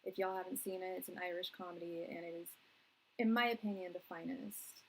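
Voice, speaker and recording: Speaking a little fast in a lowish, fairly even voice, a young English tarot reader rambles casually with her live-stream audience. The recording is low quality with slight background noise. Her chat is relaxed and slangy, broken up by frequent laughter.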